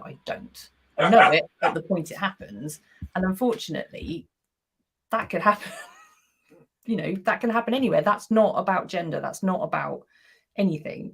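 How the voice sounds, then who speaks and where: A woman co-hosting a live panel discussion, talking in an animated way full of "like" and quoted reactions. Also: fairly low pitch, gravelly, husky. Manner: animated, lots of "like". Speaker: co-host.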